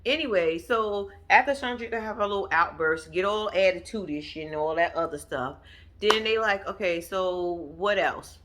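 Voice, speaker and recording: A woman's voice: medium pitch, normal speed, slight background noise. A woman hosting a casual vlog, swearing freely and laughing as she tells stories straight to her viewers. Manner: profane, animated, talks straight to viewers as y'all. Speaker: vlog host recapping a TV episode. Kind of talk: casual storytelling commentary.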